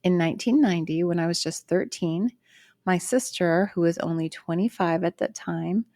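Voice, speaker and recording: Woman podcast co-host, lowish voice, earnest casual read, dry close sound. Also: normal speed, warm tone, no room sound. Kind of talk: casual chat, reading a listener story aloud.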